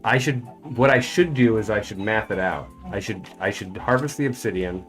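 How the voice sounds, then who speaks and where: A man's voice: fairly low pitch, normal speed, soft background music. Man rambling casually over a game stream. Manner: rambling, thinking aloud. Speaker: streamer and voice actor.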